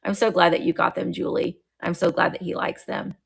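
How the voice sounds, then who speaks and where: A middle-aged woman hosting a live online auction of vintage items, chatting warmly and greeting viewers by name as she describes each piece. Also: lowish voice, level tone, brisk, gravelly, slightly rough. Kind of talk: live-stream sales chat.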